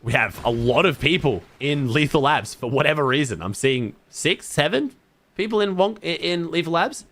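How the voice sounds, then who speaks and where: An Australian man casting esports and chatting casually, quick and animated, swearing freely. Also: a little high. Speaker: esports caster, host.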